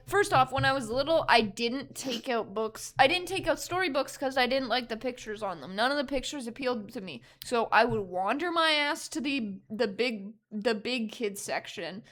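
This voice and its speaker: Young woman, high voice, from canada, podcast co-host, casual chat, animated storytelling, swears a lot. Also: moderate pace, hardly any pauses.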